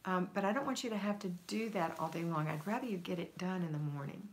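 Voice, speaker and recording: A woman's voice: fairly low pitch, quick pace. A middle-aged woman hosting a homemaking livestream, reading viewer comments aloud and answering them with encouragement.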